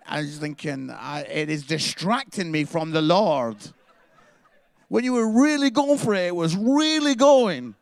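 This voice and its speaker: A man's voice: high-pitched, lively intonation, a little slow, creaky, no room sound. A Scottish man performing a stand-up comedy set, bantering playfully with the crowd. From Scotland.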